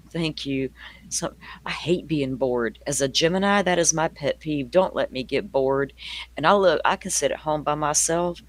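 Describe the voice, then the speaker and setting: A man's voice: on the high side, unhurried, dry recording. Chatty older Southern man streaming. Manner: chatty, laughs often, addresses viewers by name. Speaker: true crime livestream host. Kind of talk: casual chat with live viewers.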